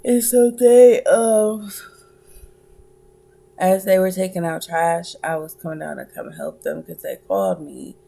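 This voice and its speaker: A tired young woman vlogging in casual chat, halting with many fillers and restarts. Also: deep voice, fairly even intonation, creaky, mellow.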